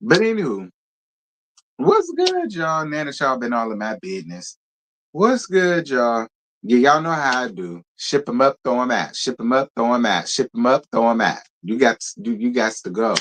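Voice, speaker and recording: A man hosts a casual live stream and talks straight to his viewers. He is sassy and animated, with a mid-range voice. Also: medium pitch, brisk, hardly any pauses, a little hiss or hum. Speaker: live show host.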